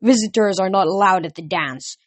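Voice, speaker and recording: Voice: medium pitch, a little fast, no echo, lightly acted. A reader voicing a harsh, tall male teacher with a French accent in a storybook reading, with a dry sound. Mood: stern. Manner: snapping, harsh.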